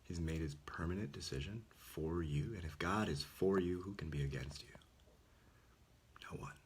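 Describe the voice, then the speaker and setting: A man's voice: deep voice, normal speed, a little hiss or hum. A man giving an earnest, informal Christian talk, often dropping to a whisper. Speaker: Catholic speaker. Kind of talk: casual sermon.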